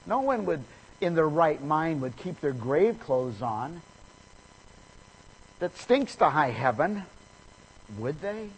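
A man preaching a sermon, telling a story in an animated way and acting out the people in it with sudden rises in pitch and volume. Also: slow, long pauses, husky, rough recording.

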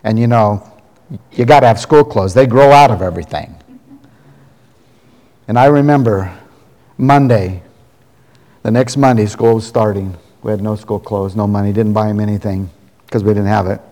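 A man's voice: fairly low pitch, normal speed, pauses often. Folksy preacher man in an echoing hall. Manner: folksy storytelling, ending in a soft prayer. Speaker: pastor. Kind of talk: sermon. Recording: long reverb of a large hall.

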